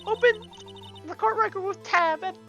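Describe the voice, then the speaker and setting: A woman voicing a calm female mentor lawyer giving instructions in an amateur video game fan dub. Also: extremely high pitch, moderate pace, soft background music. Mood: instructive. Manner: coaching, instructive.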